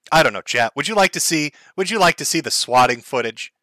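A man's voice: fairly high pitch, animated, a little fast, few pauses, bright, forceful tone, no room sound. A man hosting a live stream, giving sarcastic, mocking commentary and laughing often. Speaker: streamer host.

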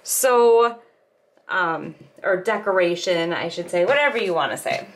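A woman's voice: lowish voice, measured pace. A middle-aged woman hosting a crochet tutorial, talking casually and step by step while she works with her hands at home. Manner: chatty and relaxed, talks while working with her hands. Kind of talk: casual step-by-step craft demonstration.

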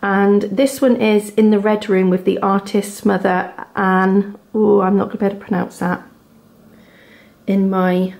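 A woman in her thirties with a Devon accent, chatting casually at home as a knitting vlogger, gushing softly over her yarn. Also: medium pitch, flat delivery, normal speed, vocal fry. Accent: Devon English. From England. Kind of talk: casual chat to camera. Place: home, indoors.

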